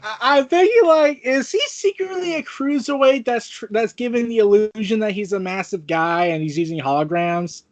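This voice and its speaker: A man's voice: sits high, normal speed, few pauses, dull audio. A man co-hosting a podcast, chatting about wrestling in a laid-back way with offhand asides. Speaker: podcast co-host. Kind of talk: casual wrestling talk chat.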